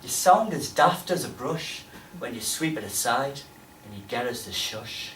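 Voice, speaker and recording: A man with a Geordie accent performing spoken-word poetry on stage, with dramatic delivery and sudden loud bursts. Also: medium pitch, expressive, normal speed, far from the mic, slight background noise. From North East England. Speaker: poet. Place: pub venue with a live audience. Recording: roomy live pub recording from afar.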